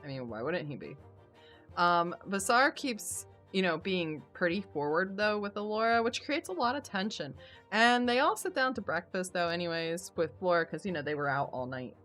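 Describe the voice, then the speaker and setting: A woman's voice: lowish voice, very animated, moderate pace, fairly bright tone, soft background music. A woman author hosting a casual live-stream book chat, chatty and laughing often, with casual swearing. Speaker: author and host.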